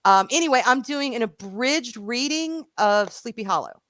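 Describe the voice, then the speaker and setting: A woman with a Southern drawl co-hosts a casual live stream, talking in a lively, animated way and swearing freely. Her voice is bright and forceful. The sound is dry and close. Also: on the high side, moderate pace, no echo. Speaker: co-host of a live show.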